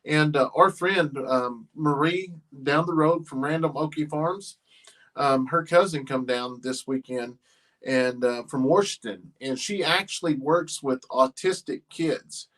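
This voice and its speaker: A middle-aged man, hosting a casual livestream chat about his farm and family, rambling and halting with many fillers. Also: a little high, fairly bright tone. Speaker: farm channel host.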